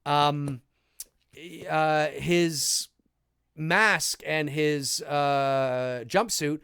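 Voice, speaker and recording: Canadian man in his forties, high pitched, chatty co-host reading comments, dry recording. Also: extremely slow, vocal fry, smooth, no echo. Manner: chatty and animated, reads out viewer comments. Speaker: podcast host. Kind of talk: casual live movie commentary.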